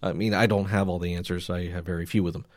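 A man's voice: low voice, level tone, quick pace, no room sound. A man co-hosting a casual podcast, rambling and joking with plenty of restarts and fillers, with a Northeastern Pennsylvania accent. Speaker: podcast co-host. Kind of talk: casual chat.

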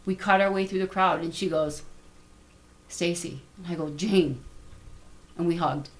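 A middle-aged woman telling a personal story in casual conversation, animated and acting out the dialogue. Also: fairly low pitch, fast. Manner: animated, repeats words, quotes people in dialogue. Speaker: guest artist.

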